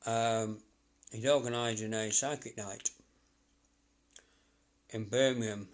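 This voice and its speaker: Psychic guy on a live stream, slow and rambly, keeps trailing off. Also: on the low side, fairly even intonation. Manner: rambling and halting, chuckling to himself. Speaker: psychic medium. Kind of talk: casual live-stream chat.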